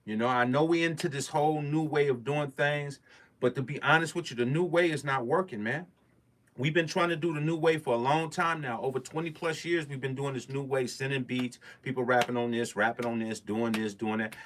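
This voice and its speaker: A man's voice: medium pitch, steady tone, fairly quick, fairly bright tone. A man, a music producer, speaking in a casual monologue, emphatic and preachy with street slang. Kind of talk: casual talking-head monologue.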